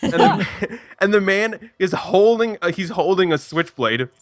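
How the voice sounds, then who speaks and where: A man's voice: sits high, lively intonation, unhurried, no echo. A young man, telling a story in casual chat with restarts and rambling. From Canada. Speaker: stream co-host.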